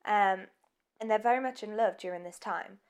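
A woman co-hosting a podcast recounts a case in relaxed, chatty conversation. She fills her pauses with ums and breaks into giggles at her own slips. Her pitch sits in an ordinary middle range. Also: smooth. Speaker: podcast co-host. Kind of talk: casual true-crime chat.

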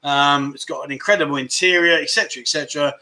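Bright, chatty man hosting a livestream. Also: on the high side, fast talker. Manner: rambling, frank, chatty, talks to viewers as mate. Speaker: livestream host. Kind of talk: casual livestream chat reading viewer comments.

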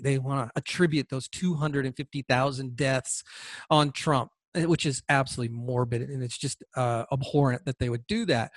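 Man, podcast host, sarcastic rant, a bit high-pitched, dry close sound. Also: no echo. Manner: combative, sarcastic, taunts imagined listeners. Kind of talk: political commentary monologue.

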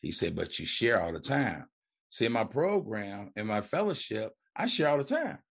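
Animated man telling his story. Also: lowish voice, normal speed, gravelly, slightly rough. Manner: animated storyteller, acts out quoted voices; colloquial, repeats "man" and "you know". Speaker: recovery coach and podcast guest. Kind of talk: casual storytelling interview.

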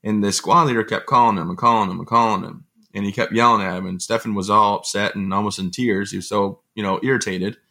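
A man spinning animated, rambling stories as an interview guest. His voice sits a little low but sounds bright and forceful. He talks at a quick clip and drifts into tangents. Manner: fast, animated storytelling with rambling asides. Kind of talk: conversational storytelling.

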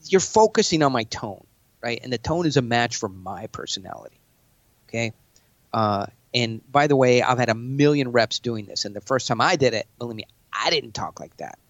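Brash, animated man telling business stories. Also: no room sound, muffled recording. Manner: brash, animated, acts out sales pitches. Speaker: business speaker, podcast guest. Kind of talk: casual chat.

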